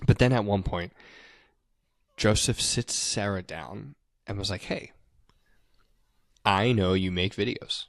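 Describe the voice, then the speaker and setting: A man casually recapping a movie as a podcast co-host, telling it in an animated way, swearing and acting out the characters' lines. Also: lowish voice, measured pace, no room sound.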